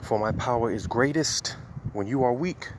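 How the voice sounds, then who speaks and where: A man's voice: medium pitch, moderate pace, noisy background. A man preaching casually outdoors while walking, a little out of breath, in a loose conversational way full of fillers.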